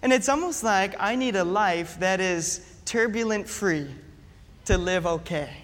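A male pastor preaches with a light, high voice and tells his story in a lively, animated way. Each phrase rings out with a long reverb tail from a large sanctuary. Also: measured pace. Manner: animated storytelling with mock panic. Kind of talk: sermon.

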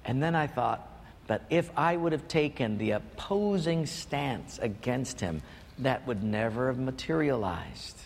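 A man preaching a sermon as pastor, telling stories in an emphatic, animated way. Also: medium pitch, normal speed, long reverb tail, a little hiss or hum. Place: church.

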